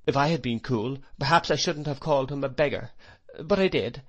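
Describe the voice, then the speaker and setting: A man reading an audiobook, voicing a proud teenage schoolboy who speaks loudly and heatedly. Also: on the low side, animated, moderate pace, highs cut off. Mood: defiant. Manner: loud, heated, defiant. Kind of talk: audiobook character voice.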